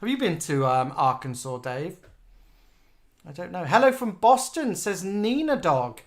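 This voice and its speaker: A chatty man in his forties with a slightly higher voice for his sex, co-hosting a relaxed live show. He tells self-mocking stories and reads out viewers' comments as he goes. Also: measured pace. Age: 40s. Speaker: co-host of a live online show. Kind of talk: casual chat reading out viewer comments.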